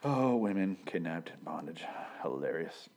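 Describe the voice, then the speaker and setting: A man's voice: sits low, expressive, measured pace, a little mellow. A man casually recapping a TV episode, rambling and profane, with dry jokes and frequent restarts. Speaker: show reviewer.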